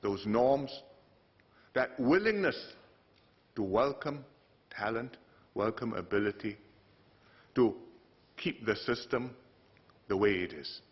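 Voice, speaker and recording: A man from Singapore, addressing parliament in a formal speech, measured and delivered in short phrases with emphatic rises. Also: mid-range voice, expressive. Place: parliament chamber. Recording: dull broadcast audio.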